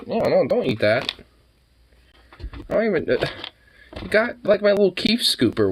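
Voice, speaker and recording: A young man vlogging in a casual, rambling way who coos at his dog in high baby talk. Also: expressive, a little fast, slight background noise. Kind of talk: casual chat.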